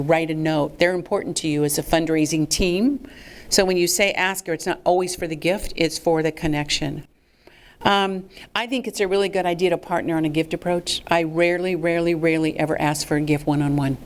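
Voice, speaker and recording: A woman presenting a fundraising workshop to a live audience in a lively, chatty way. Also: lowish voice. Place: meeting room with a live audience.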